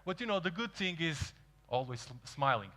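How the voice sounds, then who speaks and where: A man's voice: a little high, normal speed. Portuguese man telling stories onstage. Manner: animated, acts out quoted dialogue. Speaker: speaker. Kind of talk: storytelling keynote talk. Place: large event hall. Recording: reverberant hall.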